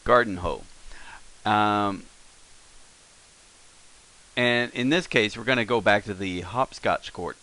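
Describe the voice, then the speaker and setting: A man's voice: lowish voice, slow, long pauses, bright, forceful tone, rough recording. A man teaching a casual recorded lesson, explaining in a rambling way with many fillers and self-corrections.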